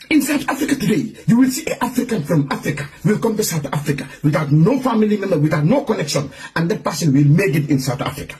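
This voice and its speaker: A man's voice: high voice, darkish tone, slight background noise. A man delivering an angry, profane, repetitive rant to his online audience. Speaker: online commentator.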